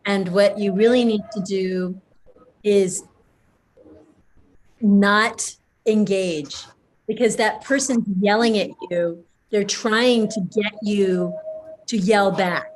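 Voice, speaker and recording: Brief: unhurried woman coach giving calm, measured customer service advice and repeating her key points. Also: mid-range voice, rough recording.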